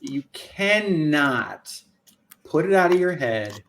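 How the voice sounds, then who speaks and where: A man's voice: on the high side, sing-song, slow, noisy background. A man co-hosting a podcast, chatting casually and agreeing emphatically, stretching out his stressed words. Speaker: podcast co-host. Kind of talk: casual chat.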